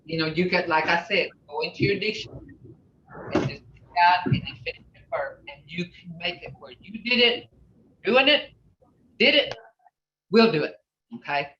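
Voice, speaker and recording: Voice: mid-range voice, fairly quick, fairly bright tone, slight background noise. A language teacher leading an online class, encouraging and patient, often saying "okay" and "you know" and laughing. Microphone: video call. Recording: echoey lo-fi video call audio from far off the mic.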